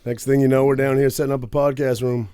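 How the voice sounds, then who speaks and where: A man's voice: medium pitch, flat delivery, quick pace, crowd noise. A man co-hosting a podcast in casual chat, teasing and joking, laughing often. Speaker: podcast co-host. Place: podcast room.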